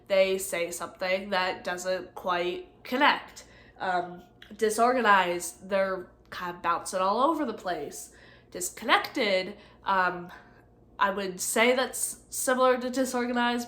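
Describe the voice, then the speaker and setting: A young woman going over nursing study notes in a halting, casual way, full of ums and likes. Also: mid-range voice, fairly bright tone. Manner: halting, many ums and likes, self-correcting. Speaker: nursing student presenter. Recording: echoey room.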